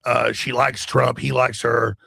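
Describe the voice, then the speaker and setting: A man with a gravelly, raspy voice delivering an emphatic, excited monologue as a talk show guest. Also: mid-range voice, measured pace. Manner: emphatic, acts out quoted voices.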